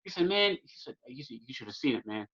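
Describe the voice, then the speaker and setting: Young man, from California, casual podcast storyteller, quick talker, muffled lo-fi sound. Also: medium pitch. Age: young adult. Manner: animated storyteller with fillers like "man" and "or what have you". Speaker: podcast guest. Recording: dull lo-fi podcast audio.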